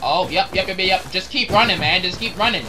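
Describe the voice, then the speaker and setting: A young man giving casual gameplay commentary, excitable, swearing and shouting at enemies. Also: high-pitched, brisk, noisy background. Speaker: gaming channel host.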